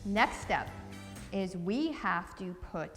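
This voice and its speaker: A woman's voice: mid-range voice, lively intonation, takes it slowly, a bit bright, in a large hall, soft background music. A woman from New Jersey, chatty and upbeat, talking through a recipe in a casual cooking vlog. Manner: chatty and upbeat, laughs easily.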